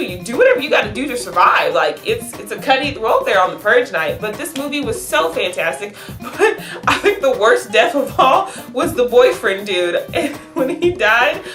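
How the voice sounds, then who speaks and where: A fairly high-voiced woman with a lively, bouncing delivery chats excitedly through a casual spoiler review, often breaking into laughter. She is recorded in an echoey room, with faint music behind her. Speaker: movie reviewer.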